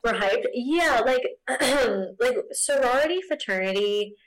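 A woman's voice: fairly high pitch, lively intonation, a little slow, rough recording. A young American woman co-hosting a podcast, chatting casually and saying "like" a lot. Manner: chatty, heavy use of "like". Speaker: podcast co-host. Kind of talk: casual chat.

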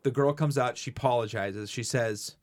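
Man, podcast co-host, casual chat, animated, profane. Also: medium pitch, moderate pace. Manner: animated storyteller, swears freely.

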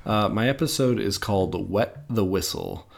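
A man co-hosting a podcast, casually retelling an episode idea with relaxed fillers. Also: on the low side, moderate pace, gravelly. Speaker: podcast co-host.

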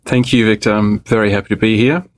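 A man being interviewed as a podcast guest, explaining in a measured way. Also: on the low side, fairly even intonation, dry recording.

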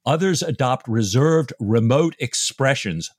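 A man co-hosts a book podcast, retelling scenes with amused, chatty asides. His voice is husky. The recording is dry and close. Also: mid-range voice, expressive, unhurried, no echo. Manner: chatty, amused, says "you know" often. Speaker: podcast co-host.

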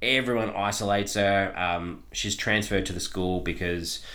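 Low-voiced man chatting about movies. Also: a little slow, bright, forceful tone. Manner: rambling, many ums, laughs often. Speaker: podcast co-host reviewing films. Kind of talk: casual film review chat.

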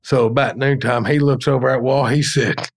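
Gravelly man telling stories. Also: medium pitch, moderate pace. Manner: colloquial, animated storyteller acting out quotes. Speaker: podcast guest, stonemason. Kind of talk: casual storytelling in an interview.

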